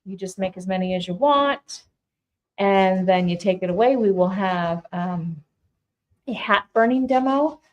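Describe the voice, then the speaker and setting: With a medium-pitched voice and a measured pace, this woman runs her shop's casual live painting demonstration. The recording has its highs cut off and a little hiss or hum, while she talks upbeat and friendly straight to viewers, naming each one.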